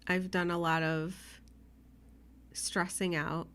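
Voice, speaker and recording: A woman's voice: on the low side, flat delivery, slow, a bit bright. A young woman co-hosting a casual podcast chat, emotional and teary, often laughing. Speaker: podcast co-host.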